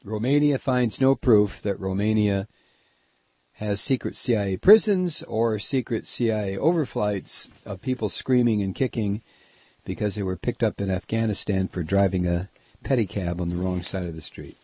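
A male talk radio host rambles through sardonic commentary and keeps stopping on "uh" and false starts. His voice is husky and sits in a middle pitch. The recording is dry and dull, with a lo-fi broadcast sound. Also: normal speed, no echo. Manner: rambling, hesitant, sardonic, many "uh"s. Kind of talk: casual on-air commentary.

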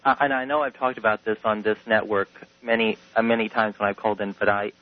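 Male talk-radio caller, earnest and measured, muffled audio. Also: on the low side, little pitch movement, dry recording.

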